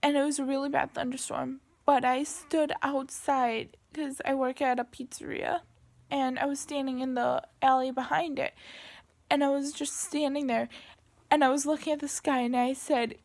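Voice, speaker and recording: A young woman telling a painful personal story to camera, slow and halting, with many pauses and restarts. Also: high-pitched, level tone.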